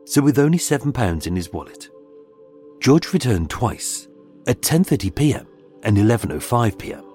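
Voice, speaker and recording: A man narrating a scripted true-crime story in a measured, dramatic way, with suspenseful pauses. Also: mid-range voice, very animated, a little mellow. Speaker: podcast host and narrator. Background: faint background music.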